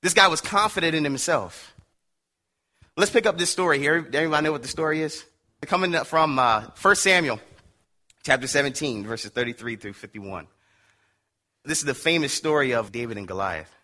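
A man giving a casual sermon, telling stories in an animated, laughing way with slang like "dude" and "man". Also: fairly high pitch, moderate pace. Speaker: preacher.

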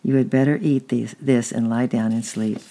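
A man reading aloud, voicing a gentle, kind mother in a storybook with a soft, slightly raised voice. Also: mid-range voice, fairly even intonation, normal speed, natural voice. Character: gentle kind mother, woman, middle-aged.

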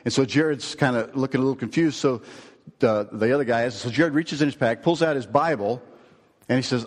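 A male pastor delivers a sermon in a mid-pitched voice, carrying a story along with animated quoted lines. The sound rings with the long reverb of a church hall. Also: fairly quick.

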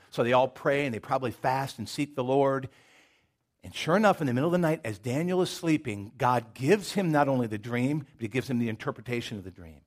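A man's voice: mid-range voice, a little fast. A man preaching a sermon in a conversational storytelling manner, addressing the congregation directly.

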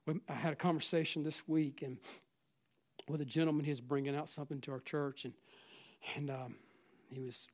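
A middle-aged man with a South Carolina Southern accent preaching a sermon as pastor, swinging between loud urging and hushed, near-whispered lines and often repeating "listen.". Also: on the high side, fairly even intonation, moderate pace, pauses often.

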